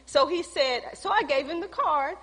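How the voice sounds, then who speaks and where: A woman's voice: sits high, normal speed, a bit bright. A woman pastor preaching a sermon, telling a personal story and acting out conversations with emphasis. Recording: long hall reverb.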